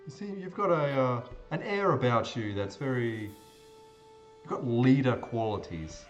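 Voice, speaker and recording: A man's voice: medium pitch, animated, unhurried, muffled recording, faint music behind. A man with an Australian accent playing in a tabletop game, talking casually and saying "like" a lot. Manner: casual, with lots of likes. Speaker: player. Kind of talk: tabletop role-play.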